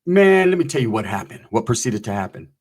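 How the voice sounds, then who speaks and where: A man's voice: medium pitch, very animated, fast, a little mellow. A man telling a crude personal anecdote in a casual, rambling way, full of slang and profanity, with the other people's voices acted out in the quotes. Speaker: storyteller.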